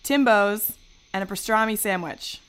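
A woman interviewer running a rapid-fire round of questions, upbeat and brisk. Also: mid-range voice, a bit bright, clear, resonant tone.

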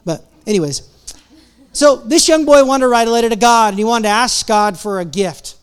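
Male pastor, casual sermon delivery, resonant and smooth. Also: very high voice, expressive, moderate pace. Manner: casual, chatty preaching with self-interruptions. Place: church.

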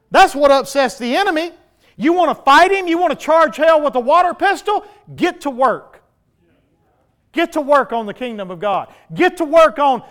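A man's voice: high-pitched, a bit bright. A man preaching a sermon as pastor, emphatic and driving points home with repeated rhetorical questions.

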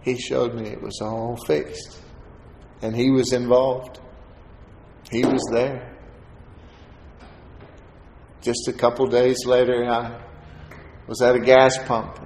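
A man preaching his personal testimony, telling the story with lively acted-out voices. The recording has a long, ringing echo of a large hall and a faint room hum behind him. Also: medium pitch, slow, pauses often. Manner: animated storyteller, acts out quoted voices with laughter. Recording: echoey hall with faint ambience.

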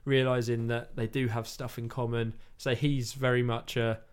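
A man's voice: mid-range voice, level tone, normal speed, clean tone. A man in casual chat, retelling a film plot in a rambling way and acting out lines. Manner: rambling storytelling, acts out quotes.

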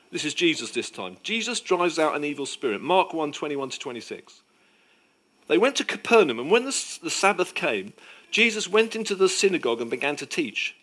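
A man preaching a sermon with emphatic delivery, swinging between loud declarations and hushed moments. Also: on the high side.

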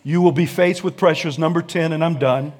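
High-voiced preacher swinging soft to loud. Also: male voice, steady tone, fairly quick. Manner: preaching with call-and-response, swinging from hushed to shouting; sings and hums snatches of a song. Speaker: pastor. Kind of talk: sermon.

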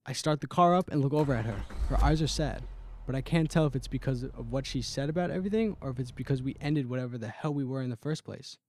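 A man's voice: mid-range voice, fast, a little mellow, a little hiss or hum. Young man reading a brooding story. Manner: intense, brooding, emotional. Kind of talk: first-person story reading.

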